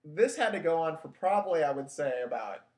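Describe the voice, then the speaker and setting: His voice is a little high and a bit fast, with lively intonation and a darkish tone. The podcast host recounts his own life story loosely and wryly, poking fun at himself with many filler words, and the room sounds echoey.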